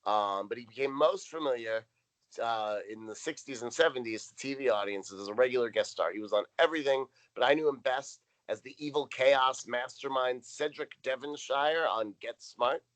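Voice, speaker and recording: A man's voice: mid-range voice, normal speed, poor audio. A man co-hosting a podcast, casually recapping a sitcom episode from his notes, with lots of ums and restarts. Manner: rambling, reads out notes with frequent ums. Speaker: podcast co-host.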